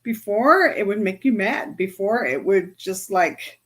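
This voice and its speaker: A woman's voice: medium pitch, expressive, a little slow, fairly bright tone, slightly rough. A woman energy healer chatting casually to her followers, telling stories and laughing often.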